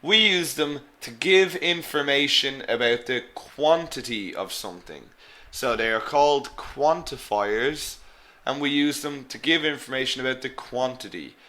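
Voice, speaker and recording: A man's voice: mid-range voice, a little slow, bright, forceful tone. A man teaching an English webinar, stressing each example phrase and calling his learners "guys". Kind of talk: live webinar lesson.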